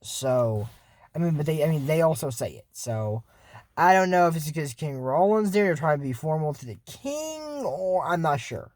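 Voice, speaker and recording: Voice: mid-range voice, lively intonation, moderate pace, a little mellow, dry recording. A YouTuber recapping a cartoon episode in casual, digressive chat full of fillers and asides. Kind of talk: casual rambling commentary.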